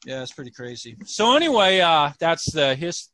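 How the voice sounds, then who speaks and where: A man's voice: fairly high pitch, moderate pace. A man on a casual podcast telling a long story, acting out the people in it with changing voices. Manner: animated, acts out characters in voices. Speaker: podcast co-host.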